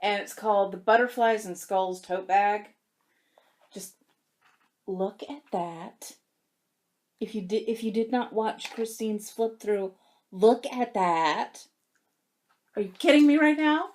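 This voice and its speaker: A young woman vlogging about cross-stitch, telling a story in a chatty, animated way and getting emotional. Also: medium pitch, slow, pauses often. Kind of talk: casual chat to camera.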